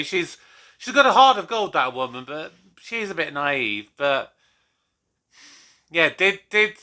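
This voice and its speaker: A man's voice: fairly high pitch, sharp tone, clean tone. A man hosting a reaction video, chatting casually and rambling a little as he comments on a sitcom. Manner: chatty, rambling, laughs along readily.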